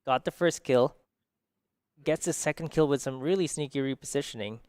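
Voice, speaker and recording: A man giving live esports commentary, analytical and joking, quick to react. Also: medium pitch, a little mellow, clear, resonant tone, dry recording. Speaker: esports caster.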